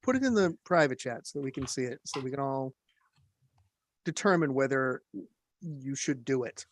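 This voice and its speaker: A man's voice: medium pitch, lively intonation, moderate pace, no echo. Wry male podcast host, dry close mic. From northern United States. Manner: wry, reads sayings from a phrase book. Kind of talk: casual podcast banter.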